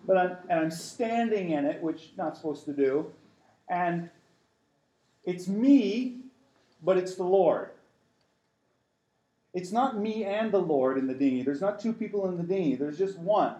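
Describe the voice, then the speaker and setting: A man's voice: high voice, lively intonation, a little slow, pauses often, warm tone, echoey room, low-quality recording. A middle-aged man preaching, urging his listeners on and often restarting his sentences as he rambles through a dream story. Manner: rambling, many restarts, exhortative. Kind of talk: sermon.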